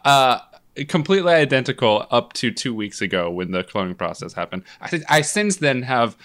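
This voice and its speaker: A man co-hosting a podcast, chatting casually with sarcastic, deadpan jokes. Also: mid-range voice, normal speed. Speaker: podcast co-host. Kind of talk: casual chat.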